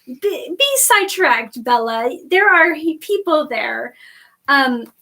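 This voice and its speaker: A woman's voice: sits high, big pitch swings, takes it slowly, bright, forceful tone. A woman co-hosting a casual podcast, reading passages aloud and reacting with dramatic, teasing outbursts. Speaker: podcast co-host. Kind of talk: casual book recap chat.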